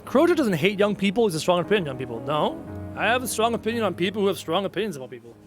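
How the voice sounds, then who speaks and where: A man's voice: high-pitched, sing-song, racing, music in the background. A man gaming at home and talking to his viewers, ranting in a blunt, opinionated way and repeating his key points for emphasis. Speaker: gaming YouTuber and streamer. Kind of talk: casual rant while playing a game.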